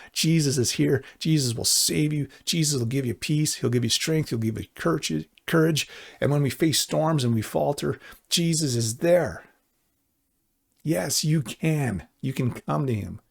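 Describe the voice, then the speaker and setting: A middle-aged man preaching as a pastor, earnest and conversational, slowing into emphatic appeals. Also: on the high side, vocal fry, slightly rough. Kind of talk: sermon.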